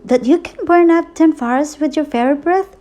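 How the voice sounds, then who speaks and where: A woman reading aloud and voicing a bold, clever young princess with high, excited exclamations. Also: moderate pace, natural voice. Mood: flattering.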